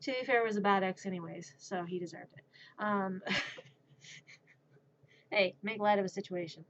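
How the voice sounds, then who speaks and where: A woman's voice: medium pitch, moderate pace, lo-fi sound. A woman streamer in a casual chat who rambles, mocks herself and laughs at herself. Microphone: streaming microphone.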